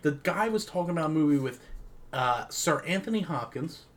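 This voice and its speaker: A man's voice: fairly high pitch, expressive, moderate pace. Man rambling through a hazy memory. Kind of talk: casual chat.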